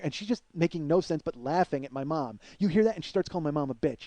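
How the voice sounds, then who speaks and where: A high-pitched middle-aged man recounts a wild story in a solo podcast monologue. He swears constantly and throws himself into the quoted lines. The sound is dry and close, with no room around him. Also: fast, no echo. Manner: profane, heated, acts out quotes loudly. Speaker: podcast host telling a personal story.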